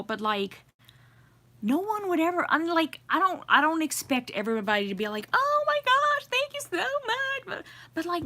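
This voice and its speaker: A middle-aged woman hosting a casual livestream from home, laughing often as she greets viewers and reads their comments. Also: fairly high pitch. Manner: giggly, chatty, warm greetings to viewers. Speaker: livestream host. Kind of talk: casual live chat reading comments. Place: home with a fireplace.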